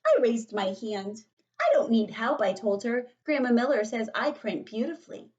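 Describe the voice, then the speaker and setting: A woman voicing a loud, bossy kindergarten girl in a storybook read-aloud, with a husky voice. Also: a little high, very animated, normal speed, dull audio, voice pushed up. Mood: proud. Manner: brash and hollering.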